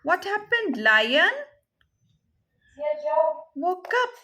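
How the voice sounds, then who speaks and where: Very slow-speaking woman therapist. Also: very high voice, very animated, bright, forceful tone. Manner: slow, repeating prompts and questions. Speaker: speech therapist. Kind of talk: teaching a child with a story. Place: therapy session room.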